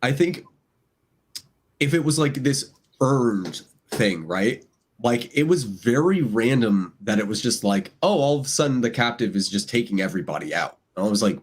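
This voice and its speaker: A man talking casually as a guest on a live podcast, animated, acting out lines in quoted voices. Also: medium pitch, moderate pace, slightly rough.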